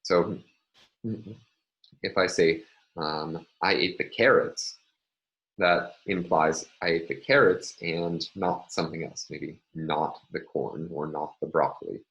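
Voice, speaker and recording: A male linguistics lecturer explaining step by step in a measured, recorded lecture, with frequent filler words. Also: a bass voice, fairly even intonation, fairly bright tone, muffled recording.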